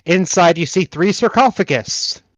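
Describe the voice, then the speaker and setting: A man's voice: sits high, animated, measured pace, no room sound, rough recording. A man narrating a tabletop game as game master, describing scenes with fillers like "uh".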